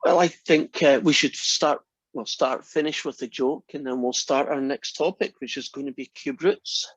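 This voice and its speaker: A man's voice: medium pitch, moderate pace, breathy edge, no room sound, dull audio. A Scottish man giving a math lecture in a classroom, chatty and often restarting his sentences. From Scotland.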